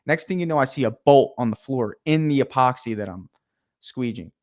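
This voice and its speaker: A man's voice: medium pitch, expressive, brisk, a little mellow. A young man telling a story in casual talk as a podcast guest, acting out his own past lines with energy. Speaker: podcast guest, painting contractor.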